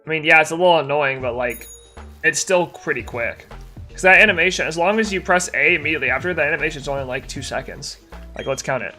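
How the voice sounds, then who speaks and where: A man's voice: fairly high pitch, fast, sharp tone, faint music behind. A young man live-streaming a game, tired and yawning, chatting casually and answering chat while he plays.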